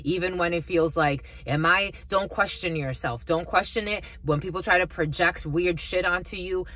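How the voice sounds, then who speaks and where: A woman's voice: lowish voice, normal speed, a bit bright, dry recording. A woman gives a spiritual reading to her viewers in a blunt, rambling way, swearing freely and calling them "my lovies.". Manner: rambling, with frequent restarts. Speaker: spiritual reader. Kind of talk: off-the-cuff psychic reading to viewers.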